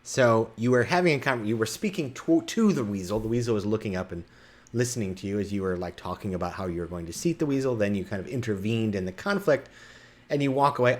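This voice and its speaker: A man narrating as game master in a tabletop game, halting with fillers and restarts. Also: lowish voice.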